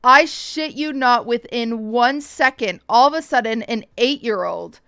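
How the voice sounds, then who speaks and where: A woman streamer telling a story to her chat in a casual, animated way, swearing often and acting out the voices of people she quotes, with hiccups. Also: on the high side, measured pace, smooth, no echo, clean studio sound.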